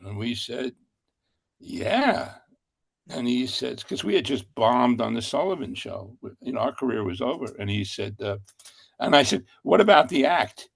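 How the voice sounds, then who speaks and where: A man's voice: mid-range voice, moderate pace, vocal fry, breathy edge. An older man telling a long anecdote as an interview guest, rambling with fillers and self-corrections.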